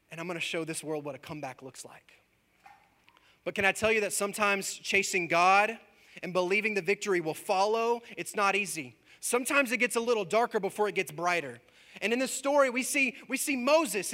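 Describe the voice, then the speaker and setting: A man preaching a sermon, dropping soft and low, then building to loud, rising peaks, and reading scripture slowly. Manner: reads scripture aloud slowly.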